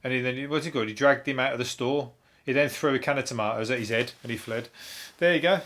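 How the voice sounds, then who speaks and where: A Brummie comedian hosts a solo podcast, riffing on news stories in a dry, deadpan way. He rambles, swears freely and loses his thread. His voice sounds a little hoarse and worn. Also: medium pitch, fast talker. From Birmingham, England. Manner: deadpan, rambling, sweary, laughs at own jokes. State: voice going hoarse.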